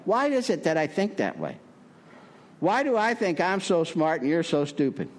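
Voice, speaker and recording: An older man tells his recovery story in a folksy, rambling way, full of fillers and restarts. His voice climbs higher whenever he turns to preaching. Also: very animated, normal speed. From Prescott, Arizona. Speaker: recovery speaker. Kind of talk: recovery meeting share.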